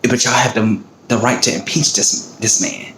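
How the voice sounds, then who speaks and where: On his own video, a vlogger launches into a heated, profane, emotional rant about politics. His voice is on the low side and fairly bright, with a steady tone at normal speed; the recording has roomy echo, faint ambience, and a little hiss or hum.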